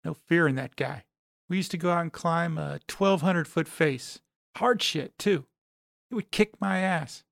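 A man reading the lines of an easygoing, wisecracking middle-aged male climber in a relaxed, joking way. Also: on the high side, a little slow, vocal fry, no echo, studio quality. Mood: reminiscing.

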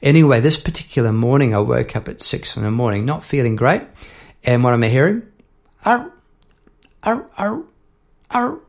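A man's voice: mid-range voice, animated, fast talker, a little mellow. A middle-aged man, a songwriter hosting his own podcast, chatting casually and rambling through stories with frequent restarts. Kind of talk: casual chat about songwriting.

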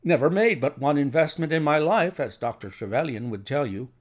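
A man's voice: on the high side, expressive, brisk, voice pushed up. A man voicing a nervous, jumpy middle-aged man who talks in a jittery, pleading way.

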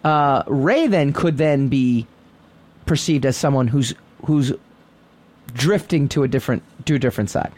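A man's voice: medium pitch, a little slow, a little mellow. A man co-hosting a movie talk show, chatting casually with many fillers and restarts. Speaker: co-host.

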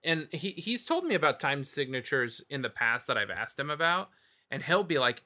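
A man's voice: medium pitch, big pitch swings, moderate pace, bright, forceful tone. A man co-hosting a podcast over a call, talking in a loose, easygoing way that trails off. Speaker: podcast co-host. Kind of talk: casual chat on a call. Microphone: computer call microphone.

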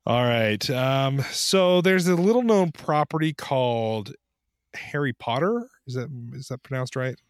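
A man's voice: mid-range voice, lively intonation, unhurried, smooth, dry recording, studio quality. A man in his thirties co-hosting a podcast in casual chat, rambling and chuckling with lots of fillers. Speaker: podcast co-host.

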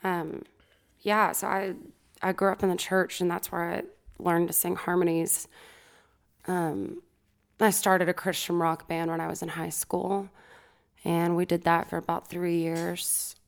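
Young female singer, podcast guest, low voice with vocal fry, relaxed and laughing. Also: unhurried. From Texas. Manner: easygoing, laughs often. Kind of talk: casual interview chat. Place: home studio.

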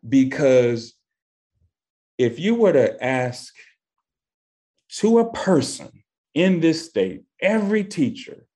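A man's voice: big pitch swings, slow, pauses often, mellow. A man, answering interview questions with passion and emphasis. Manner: passionate, emphatic, voice rising high when stressing points. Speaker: guest. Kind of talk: impassioned interview talk.

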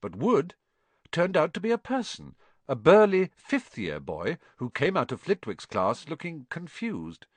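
A male narrator reads a storybook aloud with an expressive, lively delivery. His pitch rises and falls widely, and the close-miked sound is dry. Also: a little slow, dry recording. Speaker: audiobook narrator. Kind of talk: scripted narration.

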